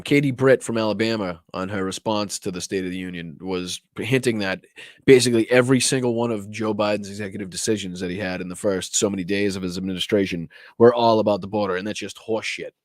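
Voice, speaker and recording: A man's voice: low voice, no room sound, studio quality. A man with a Boston accent hosting a live-stream political commentary show, talking in a profane, sarcastic, rambling way.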